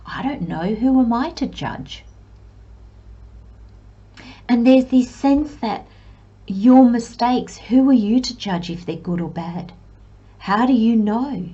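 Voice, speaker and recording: Woman, tarot reader, pick-a-card reading, reflective, encouraging, self-deprecating, breathy voice, muffled lo-fi sound. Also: a little high, expressive, takes it slowly, long pauses. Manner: reflective, gently encouraging, speaks to viewers as piles; self-deprecating asides, light giggles.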